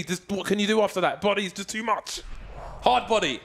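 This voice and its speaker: A man doing live color commentary on an esports match, joking around with a slow drawl that bursts into shouts. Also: high-pitched, gravelly, a little hiss or hum. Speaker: esports caster.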